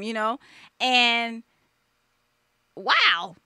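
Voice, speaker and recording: A woman's voice: mid-range voice, moderate pace, sharp tone, clean tone, dry recording, studio quality. A woman hosting a talk radio show, telling personal stories candidly in a casual chat. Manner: candid, emotional personal storytelling. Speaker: host. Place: studio.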